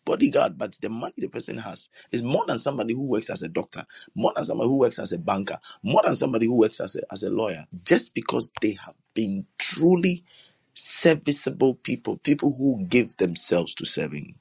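A man's voice: mid-range voice, animated, a little fast, vocal fry, breathy edge, no room sound. A man preaching a sermon, emphatic and repetitive, acting out prayers in his own voice. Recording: dull lo-fi sound.

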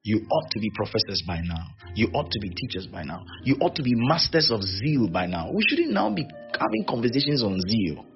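Animated preaching man, lively pitch. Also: fairly quick, creaky, hardly any pauses, lo-fi sound, faint music behind. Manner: animated, mock-wailing and teasing. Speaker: pastor. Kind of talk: sermon.

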